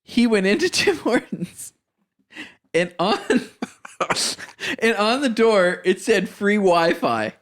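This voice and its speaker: A man's voice: high voice, very animated, slow pace, long pauses, a bit bright. A man on a podcast who laughs through the funny family story he tells. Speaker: podcast co-host. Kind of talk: casual chat.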